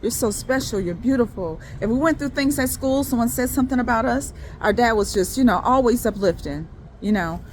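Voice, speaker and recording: A woman with a fairly high-pitched voice speaks a little fast as she gives her personal faith testimony directly to viewers. She's a faith video creator, and her casual delivery rambles, with restarted phrases and repeated words. A slight hiss or hum runs underneath.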